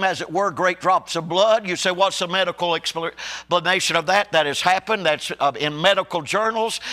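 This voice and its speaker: A man preaching an impassioned sermon, addressing listeners as brother and sister and my friend, swinging from low, slow passages to high shouted cries.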